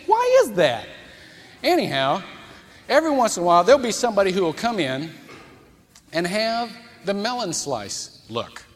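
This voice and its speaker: Folksy male pastor in a reverberant church. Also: a little high. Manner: conversational, folksy, animated. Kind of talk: storytelling sermon. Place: church sanctuary.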